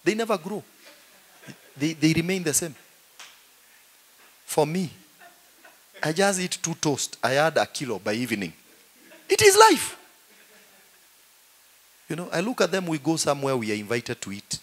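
A middle-aged man with a Kenyan accent, a pastor preaching in a joking, animated way and saying "you know" often. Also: on the high side, normal speed, long pauses. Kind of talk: humorous sermon.

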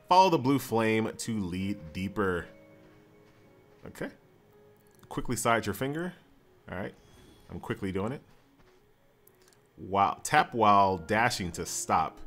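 Lively, bright-voiced gaming YouTuber man. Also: fairly low pitch. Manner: upbeat, reads tutorial prompts aloud. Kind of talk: casual let's-play commentary. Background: game music.

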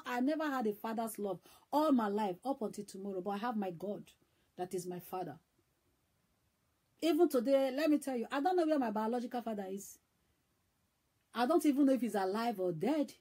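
A woman's voice: on the high side, dark tone. A middle-aged woman with a Nigerian accent preaching an emotional sermon, fervent and exhorting, repeating phrases for emphasis. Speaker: evangelist preacher.

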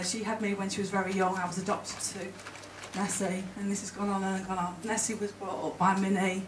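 A woman's voice: mid-range voice, a little hiss or hum. Woman speaking in an echoey hall. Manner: emotional, chatty, halting. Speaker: conference speaker. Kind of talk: presentation to an audience. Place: conference hall. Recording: roomy hall, mic from a distance. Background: faint room ambience.

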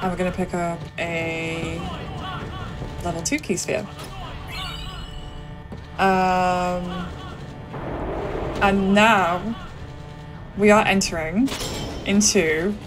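A sick woman with a lowish voice speaks extremely slowly, pausing often, on a rough recording with game music behind her. She chats loosely through her live speedrun, laughing often and thinking aloud with many ums.

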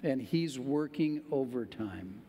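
A man's voice: mid-range voice, lively intonation, slow pace, warm tone, long reverb tail, a little hiss or hum. An older man, a pastor, preaching a sermon in a conversational, emphatic way with questions to the congregation. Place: church sanctuary.

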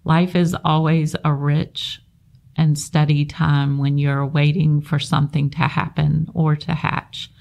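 A woman on library staff reading a children's novel aloud in a steady, measured narration. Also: sits low, creaky.

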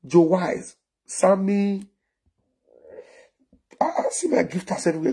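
Nigerian man, forties, live-stream host, gravelly, dark tone, rhetorical and animated. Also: high-pitched, takes it slowly, long pauses. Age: 40s. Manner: animated, rhetorical, repeating questions. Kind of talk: casual live-stream talk in Pidgin. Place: indoors abroad, cold.

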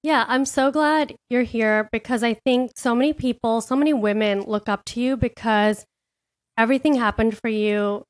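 A woman's voice: a little high, steady tone, moderate pace. A woman in her late thirties hosting a podcast, talking in an enthusiastic, gushing way. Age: late 30s. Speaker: podcast host. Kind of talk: casual podcast interview.

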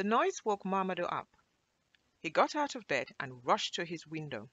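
A woman reading a children's story aloud in an expressive storybook manner. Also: lowish voice, normal speed, no room sound, muffled recording.

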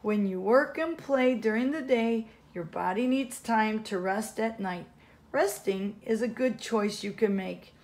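A woman reading aloud, voicing a patient father who gently explains bedtime to his son. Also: a little high, a little slow. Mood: gentle. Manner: gentle, soothing.

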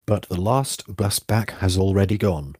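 A man's voice: sits low, measured pace, a little mellow, no room sound, studio quality. A man reading the part of an old village fisherman with a thin voice, asking suspicious questions. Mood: wary. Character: old male village fisherman, wrinkled, wary.

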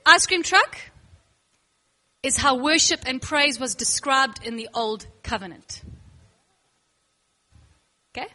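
A woman teaches a worship class in a high, bright voice that swoops up and down. She is playful and emphatic and acts out little scenes with her students. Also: slow, long pauses. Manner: emphatic, bursts of excitement.

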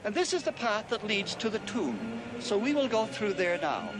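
A man with a high voice guides a visitor along a tour route. He speaks earnestly and explains each point step by step, as if to a child. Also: sing-song, normal speed, noisy background. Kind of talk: guided tour talk on scripture.

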